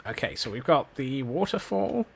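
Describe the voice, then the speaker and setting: A man's voice: mid-range voice, very animated, moderate pace, vocal fry, slight background noise. A Scottish man streaming a game, rambling casually and cracking self-mocking jokes. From Scotland. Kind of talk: casual gameplay commentary. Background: faint background music.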